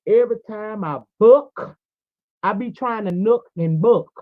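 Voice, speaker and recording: A woman's voice: medium pitch, measured pace, no echo. A woman in her forties hosting a livestream, preaching fervently and speaking straight to her viewers. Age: 40s. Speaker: livestream host. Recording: tinny phone-like audio, dry.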